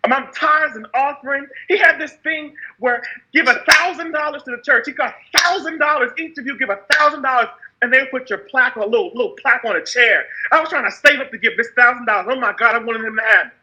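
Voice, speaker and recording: Brief: woman delivering a passionate spoken testimony, very high-pitched, intense, phrases repeated for emphasis. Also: quick pace, pushed and bright, muffled recording. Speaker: speaker sharing her story. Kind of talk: personal testimony monologue.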